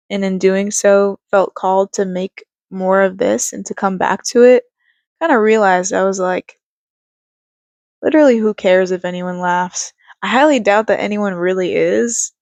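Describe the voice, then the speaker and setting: A woman's voice: medium pitch, unhurried, a little mellow, dry recording. A young woman talking casually to camera about life and faith, rambling with fillers and laughs, and a bit congested. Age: young adult. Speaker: vlogger. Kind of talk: casual reflective talk to camera.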